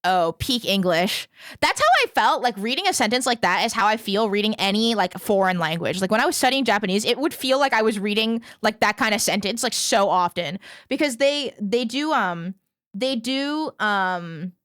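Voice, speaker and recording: A woman's voice: mid-range voice, lively intonation, normal speed, a bit bright, no room sound, clean studio sound. A young woman streaming, chatting casually with her chat in a playful, exclaiming, mock-ranting way, swearing freely. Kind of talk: casual livestream chat, reacting to chat.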